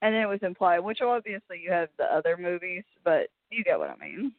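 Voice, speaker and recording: A woman in casual chat, lively, chiming in and laughing along. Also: lowish voice, fairly quick, dry recording. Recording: dry, tinny phone-like sound.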